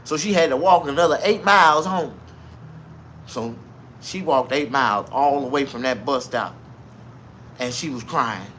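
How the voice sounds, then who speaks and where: A man telling a crude comedic story in an animated, repetitive way, laughing at his own tale. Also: medium pitch, unhurried, long pauses, slight background noise.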